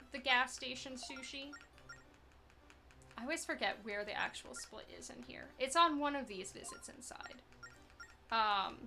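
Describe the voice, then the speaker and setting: Her voice is high with a sharp tone as she streams a speedrun. She offers loose, casual live commentary, replies to chat while playing, and stays giggly and self-deprecating.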